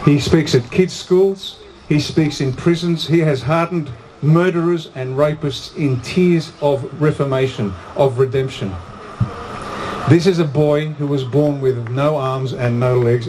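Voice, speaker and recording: A man speaking live at an outdoor event as a motivational speaker. His voice sits a little high, and he hammers points home by repeating phrases. A faint hum of noise runs underneath. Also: a little mellow. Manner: emphatic, repeats key phrases for impact. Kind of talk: live public talk and Q&A. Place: outdoor event on a hot day.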